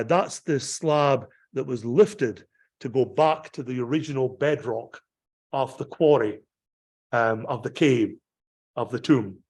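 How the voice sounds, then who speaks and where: A man speaking as a pastor, presenting a travel talk to his congregation. His voice sits at an ordinary middle pitch. His delivery is conversational and meandering, full of fillers and quick self-corrections. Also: darkish tone.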